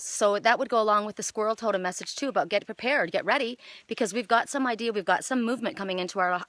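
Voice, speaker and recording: A middle-aged woman giving a casual spiritual card reading outdoors, chatty and excitable, with lots of fillers. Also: medium pitch, no room sound. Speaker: oracle card reader. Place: outdoors in the evening.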